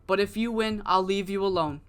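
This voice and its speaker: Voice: medium pitch, brisk, clear, resonant tone, voice pushed up, close to an everyday voice. A narrator voicing a lovesick, pleading male wrestler who keeps begging and repeating himself in a raised voice. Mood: wheedling. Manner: begging, repetitive, overeager.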